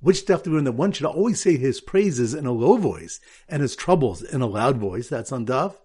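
A man's voice: mid-range voice, very animated, normal speed, dark tone, husky. A man, a rabbi, teaching a Talmud lesson with memory aids and a quiz, reading Aramaic in a sing-song lilt.

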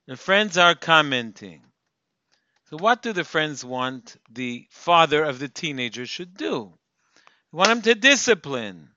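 A man's voice: fairly high pitch, sharp tone, no echo, lo-fi sound. A man giving a spoken Torah lecture, asking rhetorical questions and using Yiddish terms. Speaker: lecturer on Jewish topics.

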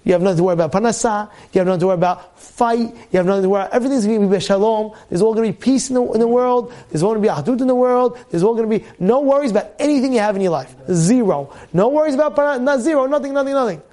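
A man giving a weekly Torah talk as a rabbi, animated, firing rhetorical questions and repeating his phrases. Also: sits high, racing, hardly any pauses.

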